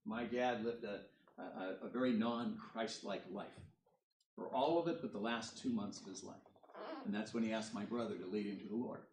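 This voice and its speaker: A man's voice: fairly low pitch, steady tone, normal speed, a little mellow, slight background noise. Preaching man in an echoey hall. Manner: reads scripture aloud then explains it, rising emphasis on key points. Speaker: pastor. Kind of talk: sermon. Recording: roomy echo, voice from far off the mic.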